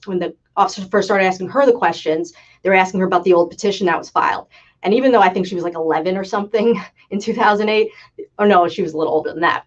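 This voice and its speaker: A woman's voice: mid-range voice, muffled recording. A woman immigration attorney chatting casually on a live stream, telling a client story with lots of fillers and laughs.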